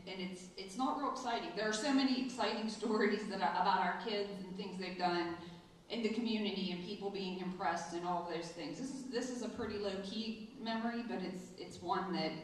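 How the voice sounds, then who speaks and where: A woman's voice: medium pitch, a little fast, far from the mic, slight background noise. Woman speaking in a big echoey hall. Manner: storytelling, animated in quoted asides. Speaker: school administrator giving a speech. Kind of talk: ceremony speech, personal story. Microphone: distant from the mic.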